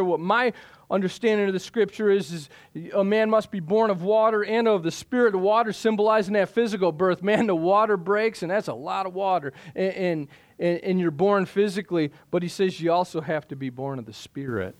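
Male pastor, middle-aged, high voice, emphatic sermon delivery with repeated punchlines. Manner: emphatic, repeats key phrases, drops low for stress.

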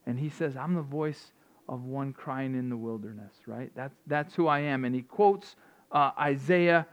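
A man's voice: on the high side, normal speed. A man preaching an informal sermon in a conversational way, often repeating and restarting words. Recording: dull lo-fi sound.

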